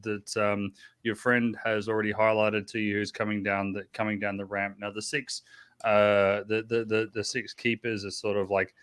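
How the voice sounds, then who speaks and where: A man's voice: lowish voice, a bit bright, smooth. A man acting as game master of a tabletop game, chatty and self-deprecating, often restarting his sentences.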